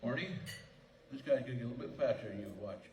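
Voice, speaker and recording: A man in his eighties giving a nervous, excited acceptance speech, rambling and halting with many restarts. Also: medium pitch, background noise. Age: 80s. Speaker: lifetime achievement award recipient. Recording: echoey hall from far off, faint ambience.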